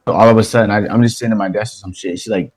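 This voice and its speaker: A young man co-hosting a casual podcast, telling a story in an animated way, swearing and laughing as he goes. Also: on the low side, very fast, rough recording. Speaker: podcast co-host.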